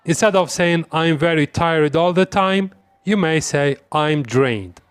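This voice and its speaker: Man, english teacher, slow careful delivery, slightly high voice, dry close sound. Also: clean tone, no echo. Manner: slow, deliberate, repeats example phrases. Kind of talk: quiz-style language lesson.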